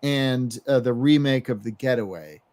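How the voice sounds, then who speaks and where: A man's voice: medium pitch, normal speed, darkish tone. A man hosting a podcast in casual chat, blunt and joking. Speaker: podcast host.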